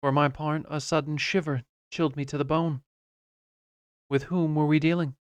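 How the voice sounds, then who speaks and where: A man narrates a classic adventure novel in the first person, measured and expressive. His voice is smooth and resonant and sits slightly high. The recording is dry and close, with no room echo. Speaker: audiobook narrator.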